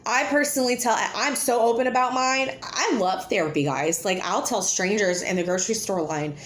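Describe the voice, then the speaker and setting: A woman's voice: mid-range voice, moderate pace. A woman, talking casually to camera as a vlogger, blunt and chatty, laughing often. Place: home with children nearby. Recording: echoey room.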